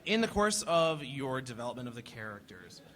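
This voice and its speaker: Male panel moderator, bright and a bit tense, hesitant restarts. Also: medium pitch, sing-song, moderate pace. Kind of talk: convention panel questions.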